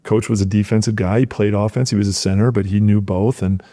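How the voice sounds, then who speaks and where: Man, middle-aged, from rural Wisconsin, warm relaxed low voice, animated storyteller. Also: fast. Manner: animated storyteller, acts out coaches' shouts in a raised voice. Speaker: guest, former football player and coach. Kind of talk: casual storytelling in a podcast interview.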